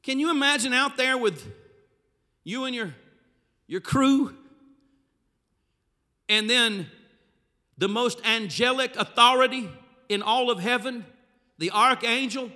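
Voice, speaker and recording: A pastor delivers his sermon with animated, dramatic storytelling, his high voice carrying a bright, forceful edge. His words ring through a large church hall with a long, trailing reverb. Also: takes it slowly, pauses often.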